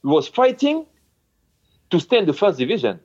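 A man, a former footballer, recounting his memories in an interview in halting non-native English. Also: sits high, big pitch swings, a little mellow, slightly rough. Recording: dull lo-fi sound.

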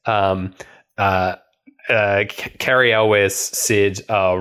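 A man's voice: fairly low pitch, slow pace, fairly bright tone. A man co-hosting a podcast, casually recapping a film with a chatty, laughing manner. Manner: chatty, laughing, lots of fillers. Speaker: podcast co-host.

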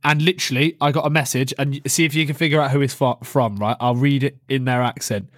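A man's voice: medium pitch, fairly even intonation, fast talker, a bit bright, dry recording, clean studio sound. A young man co-hosting a casual football podcast, laughing, swearing and joking. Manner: laughing, swearing, jokey banter. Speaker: podcast co-host.

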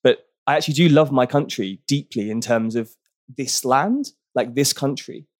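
Earnest guy from britain on a podcast, thinks out loud, lots of restarts. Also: mid-range voice, normal speed. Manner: earnest, thoughtful, with frequent restarts. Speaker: barrister and activist guest. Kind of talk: podcast interview.

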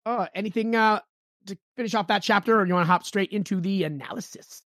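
A podcast co-host leads a casual discussion with hesitant questions full of fillers. The pitch sits in the middle range. The sound is dry and close. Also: fast talker, fairly bright tone, no echo.

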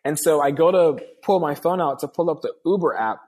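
A man's voice: fairly high pitch, lively intonation, fairly quick, a little mellow. A man telling a long personal story in casual conversation, earnestly acting out the dialogue of the people in it. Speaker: guest.

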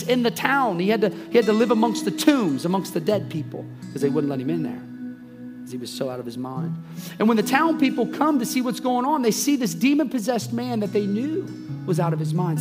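A man preaching a sermon, retelling a story with lively voices for the people in it and big swings between soft and loud. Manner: animated, acts out the characters' lines with swings in pitch and volume. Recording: soft guitar music behind the voice.

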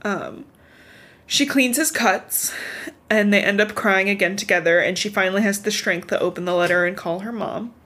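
A woman's voice: mid-range voice, moderate pace, bright, forceful tone. A woman co-hosting a podcast, casually retelling a novel's plot, swearing freely and filling with "like.". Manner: swears freely, retells story with many likes. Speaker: podcast co-host. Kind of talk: casual book recap chat.

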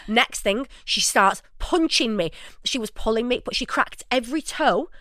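A young woman tells a story to her co-host, acting out every quote with a lot of energy. Her voice sits fairly high, and the recording is close and dry, with no room sound. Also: normal speed, no room sound. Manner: animated storyteller, acts out quotes, swears freely. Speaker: podcast co-host. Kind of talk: casual chat, storytelling.

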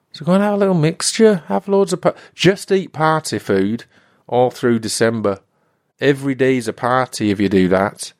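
Guy rambling on his podcast, jokey, dry close sound, regular pitch. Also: no echo. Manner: rambling, comic, slips into put-on regional accents. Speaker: podcast host. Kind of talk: solo podcast monologue.

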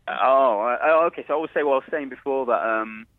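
A man's voice: mid-range voice, fast, no echo. A man chatting casually as an interview guest, swearing freely, heard down a phone line. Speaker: impressionist guest.

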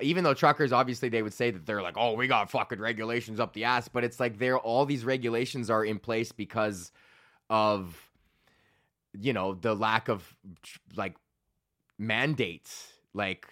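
A young man rants through a podcast monologue in a loose, profane ramble, cracking himself up along the way. His voice is bright and forward, with a tense edge. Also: medium pitch. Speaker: podcast host. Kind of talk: casual ranting monologue.

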